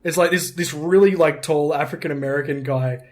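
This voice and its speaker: A young man in casual podcast chat, excitable and swearing, laughing often between quick asides. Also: fairly high pitch. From Australia. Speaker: podcast co-host.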